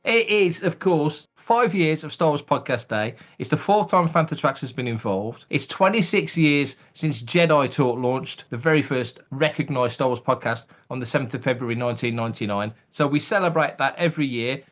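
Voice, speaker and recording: A man's voice: mid-range voice, expressive, moderate pace, hardly any pauses, highs cut off. A man hosting a podcast, chatting enthusiastically with his co-host in a casual way.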